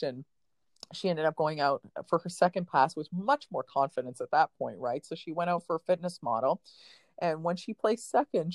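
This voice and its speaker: A woman's voice: low voice, no echo. A woman, a competition coach, telling a heartfelt story as a guest and close to tears.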